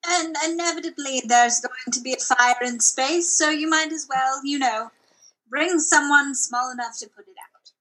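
A woman improvising a comedy scene as a ship captain, with a breezy, deadpan delivery. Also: high voice, moderate pace, low-quality recording.

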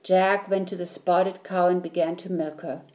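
A woman reading a children's story aloud, slowly and clearly. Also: on the low side, little pitch movement, darkish tone. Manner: slow, clear, deliberate reading.

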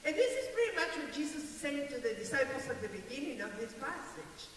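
A woman's voice: high-pitched, very animated, fairly quick, fairly bright tone. An older woman pastor with a non-native English accent preaches a sermon, emphatic, repeating key phrases and laughing lightly. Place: church sanctuary. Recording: echoey hall from far off, faint hiss.

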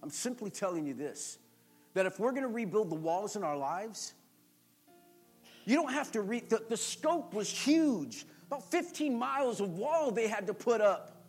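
A male pastor preaching a sermon, emphatic and repetitive, building to forceful calls. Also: high voice, very animated, normal speed, husky, soft background music.

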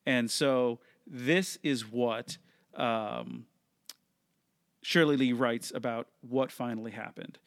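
A man hosting his own podcast, talking through a casual solo monologue at a close microphone, conversational and sometimes jumping up in pitch. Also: steady tone, slow pace, creaky, dry recording. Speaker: podcast host.

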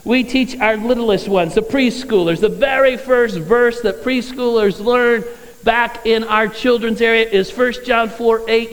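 A man preaching a sermon as pastor, talking conversationally and reading scripture aloud in a church. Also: very high voice. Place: church sanctuary. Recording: long hall reverb.

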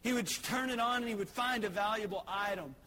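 A man preaching a sermon, swinging between loud exhortation and hushed earnestness. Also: high voice, a little fast, slight background noise, rough recording.

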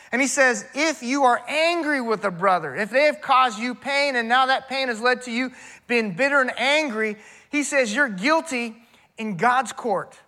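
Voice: high voice, pushed and bright. A pastor preaching a sermon in a folksy, conversational way, talking straight to the congregation with emphatic repetition and rhetorical questions.

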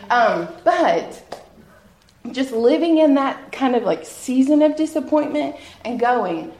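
A woman's voice: high-pitched, expressive, slow pace, darkish tone. A woman shares her personal testimony before a church audience. She speaks earnestly and from the heart, often laughing at herself. Her voice rings out in a roomy, echoing hall. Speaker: guest speaker sharing testimony.

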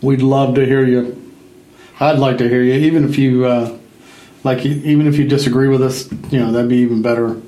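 A man's voice: mid-range voice, little pitch movement, brisk, dark tone, echoey room, a little hiss or hum, low-quality recording. A man co-hosting a casual political talk show, speaking conversationally with some hesitations. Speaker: podcast co-host.

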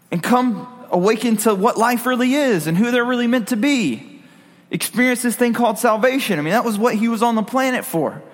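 High-voiced casual preacher in a reverberant hall. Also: male voice. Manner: conversational, jokey asides to the audience. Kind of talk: casual sermon.

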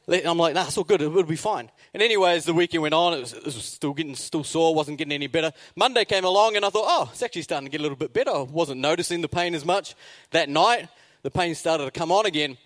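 A young man telling a self-mocking story in a sermon, animated and laughing often. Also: on the high side, fast talker.

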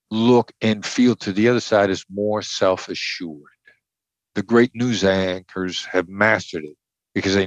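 A man's voice: on the low side, no echo. An older man from the Midwest, a former hostage negotiator, explaining his techniques bluntly and emphatically in an interview. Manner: emphatic, blunt, repeats key points. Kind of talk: conversational explanation.

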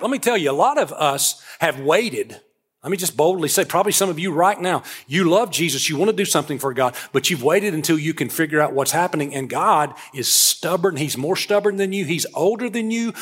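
A man's voice: a little high, fairly bright tone, husky. A man, preaching a sermon, moving from conversational storytelling into emphatic preaching. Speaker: pastor.

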